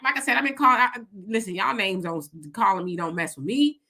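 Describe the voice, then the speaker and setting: A woman's voice: mid-range voice, lively intonation, fairly quick, sharp tone. A woman hosting a live-stream political commentary, talking emphatically and mockingly, firing off rhetorical questions. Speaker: host.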